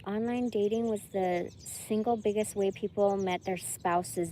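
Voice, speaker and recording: A woman's voice: medium pitch, steady tone, a little slow, few pauses, mellow, a little hiss or hum. A woman vlogger chatting casually to her viewers, swearing freely and breaking into laughter. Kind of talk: casual chat to camera.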